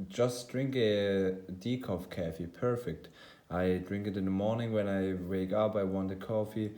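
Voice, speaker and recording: A young man with a low voice talks casually to camera in a fitness vlog. He rambles in a halting way and keeps correcting himself mid-sentence. His tone is unhurried and mellow. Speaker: fitness vlogger.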